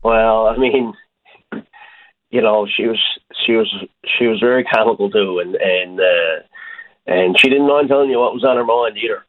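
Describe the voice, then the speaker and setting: A man, a hockey coach, speaking haltingly with many fillers and repeated words in a phone interview. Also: on the low side. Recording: tinny phone line.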